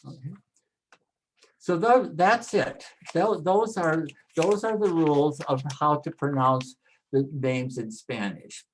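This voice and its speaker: A man teaching Spanish pronunciation from slides, slowly repeating each word so learners can follow. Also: on the high side, slight background noise, low-quality recording. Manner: slow, deliberate, repeats words for practice. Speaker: Spanish instructor. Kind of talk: slide-based pronunciation lesson.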